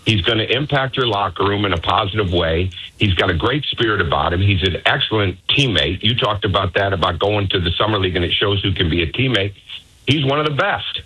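Low husky coach guy on sports radio, hammering his point home. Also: lively intonation, fairly quick, pushed and bright, poor audio. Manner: emphatic, insistent advice. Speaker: basketball coach guest. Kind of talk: radio sports talk interview.

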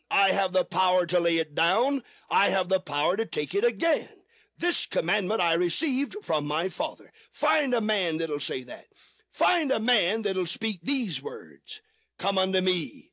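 A man preaching a fervent sermon from a studio, repeating phrases and rising to shouts. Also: sits high, lively intonation, a little slow, no room sound. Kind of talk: radio sermon.

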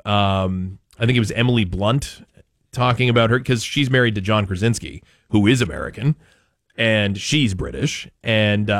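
On a studio microphone with clean sound and no echo, a talk radio host from Maine rambles along in a chatty way. His voice is lowish, and he's quick to throw in a joke.

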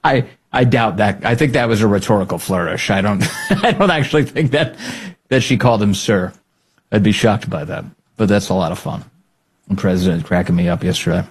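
Male political podcast host with a husky voice and a sarcastic, lively delivery. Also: fairly low pitch, a little fast. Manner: sarcastic, animated, laughs often. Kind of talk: political commentary.

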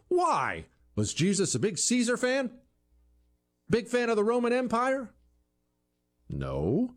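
A man's voice: very high-pitched, wildly swooping pitch, slow pace, long pauses. A man giving an opinion monologue, asking rhetorical questions and acting out quoted voices, often repeating words as he restarts. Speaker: commentary show host.

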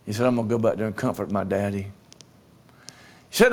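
Preacher telling a story. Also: male voice, lowish voice, fairly even intonation, fairly quick, long pauses, darkish tone. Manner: storytelling, calls for amens. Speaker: pastor. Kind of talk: preaching a sermon.

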